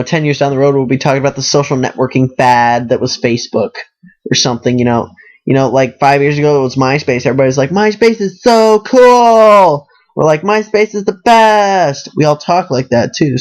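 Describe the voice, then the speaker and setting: A man's voice: mid-range voice, darkish tone. A college-age man hosting a podcast, rambling casually and filling his talk with "you know" and "like". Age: young adult. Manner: rambling, self-deprecating, fills with "you know" and "like". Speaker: podcast host. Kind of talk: casual monologue.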